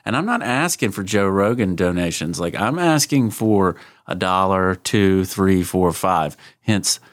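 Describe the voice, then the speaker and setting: A man with a Savannah Georgia accent hosting a podcast in casual chat, jokey and quick to laugh. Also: low-pitched, expressive, no echo, clean studio sound. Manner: laughs often, jokey and upbeat. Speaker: podcast host.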